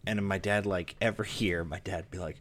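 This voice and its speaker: A man's voice: low voice, steady tone, brisk, crowd noise. A man hosting a podcast, telling a story in casual chat, full of "like" fillers. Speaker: podcast host.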